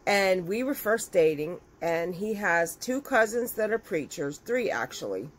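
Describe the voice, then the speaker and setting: A middle-aged woman, a crochet business owner, telling a story to her viewers in a chatty, animated way and acting out the quotes. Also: mid-range voice, a little slow, husky, poor audio.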